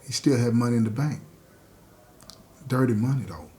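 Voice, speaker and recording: A man hosting a podcast, retelling a story in an animated, conversational way and speaking directly to his listeners. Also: medium pitch, normal speed. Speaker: podcast host.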